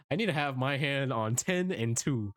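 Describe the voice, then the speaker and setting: Swearing, animated young man telling a story. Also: mid-range voice, measured pace, no echo, studio quality. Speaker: streamer. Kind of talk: casual storytelling chat.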